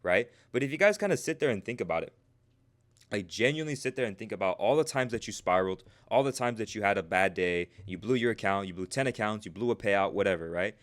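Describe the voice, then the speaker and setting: A man's voice: on the low side, animated, quick pace, a bit bright. A man coaching traders on a live stream in a casual, talkative way, checking in with viewers after almost every sentence and addressing people in the chat by name. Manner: casual, repeats "right?" after nearly every point.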